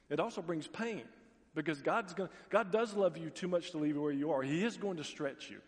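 A middle-aged male pastor delivers a sermon in a slightly higher voice than most men, acting out the people in his stories with folksy asides. His voice carries a long reverb from the large church hall around him. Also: fairly quick. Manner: storytelling, animated quoted voices, folksy asides. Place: church sanctuary.

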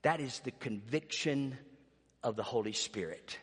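A man preaching a sermon, telling a story and swinging from hushed tones to loud bursts. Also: medium pitch, a little slow, husky. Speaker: pastor. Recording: long hall reverb.

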